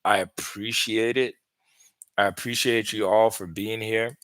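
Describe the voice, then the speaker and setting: Low-voiced man coaching a live Q&A. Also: fairly even intonation, measured pace, fairly bright tone, dry recording. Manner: direct, conversational advice with many fillers. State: slightly out of breath. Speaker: relationship coach. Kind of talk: live stream Q&A, reading viewer questions.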